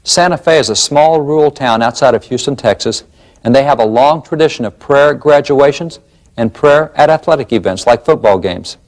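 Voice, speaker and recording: A man's voice: mid-range voice, moderate pace. A man presenting a documentary lecture, emphatic and fond of rhetorical questions.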